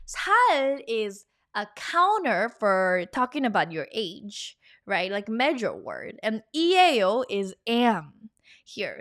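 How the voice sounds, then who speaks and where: A woman, giving an energetic, chatty video lesson and drilling phrases for the viewer to repeat. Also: on the high side, a little slow. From Korea. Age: 30s. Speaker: language teacher.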